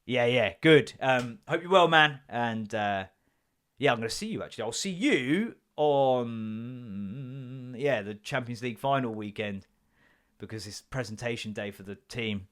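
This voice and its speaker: Unhurried yet animated, a thirty-something man with a medium-pitched, slightly bright voice hosts a relaxed solo podcast. He tells stories full of swearing and jokes, slipping into mock voices along the way.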